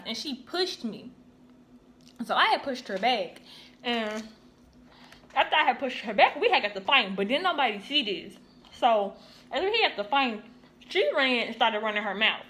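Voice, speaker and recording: Young woman, casual storyteller, lively delivery, faint background noise. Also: on the high side, normal speed. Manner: chatty, animated, acts out quoted voices. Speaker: YouTuber. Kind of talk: casual storytelling while eating.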